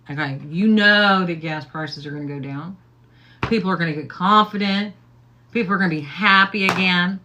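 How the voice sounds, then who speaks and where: A middle-aged woman chatting casually as she gets ready on a livestream. Her voice sits low yet has a bright, sharp edge. She rambles and keeps tossing in "okay?" and "like". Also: slight background noise. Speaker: livestream host.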